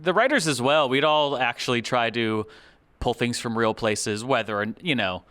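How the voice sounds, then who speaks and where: Clear-voiced man, relaxed and rambling. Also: medium pitch, moderate pace. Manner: relaxed, rambling explanations with fillers. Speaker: show co-creator and writer. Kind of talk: casual interview chat. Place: studio at a convention.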